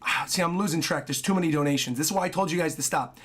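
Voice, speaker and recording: A man streaming from home, his voice hoarse and worn out, chatting excitedly and rambling as he reads donations and talks to his dog. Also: a little high, racing. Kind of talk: casual livestream chat.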